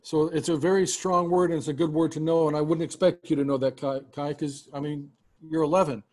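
A man's voice: fairly high pitch, flat delivery, fairly quick. Earnest man teaching over a video call. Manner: earnest, warm, rambling with restarts. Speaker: music teacher hosting a roundtable. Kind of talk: casual heartfelt talk to students.

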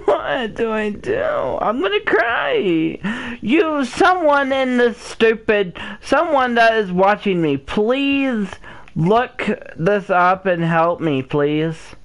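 Frustrated woman gamer, swooping pitch. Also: animated, slow pace. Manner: frustrated, whiny, pleading with viewers. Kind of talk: let's-play commentary.

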